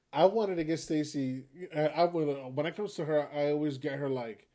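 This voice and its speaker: A man in his thirties co-hosts a casual podcast. His voice is mellow and warm, and he sits a little high for a man. He tells loose, laughing stories and acts out the people in them. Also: unhurried. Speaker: podcast co-host. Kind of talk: casual chat.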